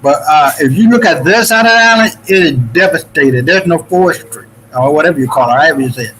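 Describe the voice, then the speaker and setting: A man's voice: fairly high pitch, quick pace, a bit bright, slight background noise, rough recording. A man from the Dominican Republic in a casual, rambling talk-show chat, swearing freely and restarting his sentences often. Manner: loose, profane, rambling with many restarts.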